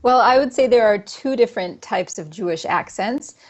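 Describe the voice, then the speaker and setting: A woman's voice: fairly high pitch, lively intonation, normal speed. A woman, a professor, explaining linguistic points in an interview in a precise way, with occasional ums.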